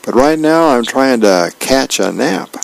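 A man voicing a sleepy, lazy middle-aged husband from a comic strip, in a low, drowsy mumble. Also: expressive, measured pace, gravelly.

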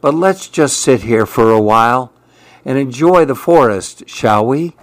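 Man voicing a brisk, bothered storybook pigeon, hurried and huffing, slightly low. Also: animated, no echo, natural voice. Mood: relaxed. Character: busy huffy male pigeon, brisk and impatient.

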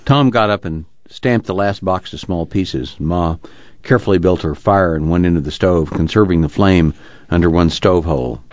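Deep-voiced man reading on radio. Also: moderate pace, darkish tone, dry recording, highs cut off. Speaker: radio reader.

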